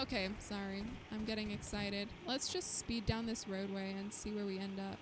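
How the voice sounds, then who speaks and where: A woman's voice: mid-range voice, moderate pace. A woman immunologist streaming a shooter game, chatting to viewers and yelping when things go wrong. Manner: excitable, yelps and chatters to viewers while playing. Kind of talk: live-streamed gameplay commentary. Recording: loud game noise behind voice.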